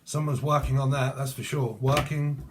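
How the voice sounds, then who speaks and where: A man's voice: medium pitch, normal speed, noisy background. Rambling, crude British man reading tarot. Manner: rambling, crude, laughing asides. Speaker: tarot reader. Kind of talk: casual tarot reading monologue.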